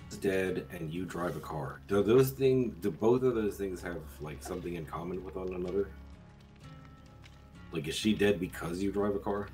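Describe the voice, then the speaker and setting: A man's voice: deep voice, moderate pace, warm tone, faint music behind. A man streaming a game live, bantering with chat in a crude, joking way.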